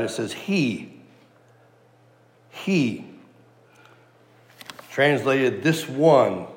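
Slow, emphatic preacher in an echoing hall. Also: male voice, mid-range voice. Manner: slow, emphatic, repeats key phrases; asks the audience rhetorical questions. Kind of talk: expository sermon. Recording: roomy hall with long echo.

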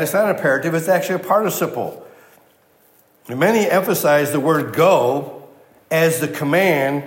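A man preaching in a big, reverberant hall, his somewhat high voice carrying with a long echo. He teaches emphatically, repeating his key words and putting questions to the listeners. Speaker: pastor. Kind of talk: sermon.

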